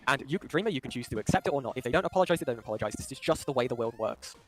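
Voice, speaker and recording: Rapid-fire male mediator on a call. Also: mid-range voice. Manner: lecturing, calm, explains at length. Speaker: call moderator.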